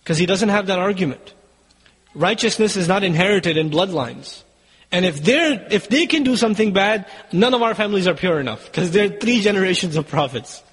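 High, husky-voiced man preaching urgently. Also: big-room sound, rough recording. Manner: urgent, exhorting, asks rhetorical questions. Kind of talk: sermon.

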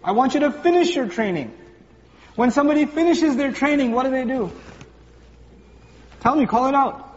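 This sermon comes from a man with a high voice speaking at a normal rate but leaving long pauses, his storytelling playful, lively, and chatty as he imitates everyday voices. He stands before a congregation in a big gathering hall. The audio is muffled and reverberant, the voice far off, with a faint hum underneath.

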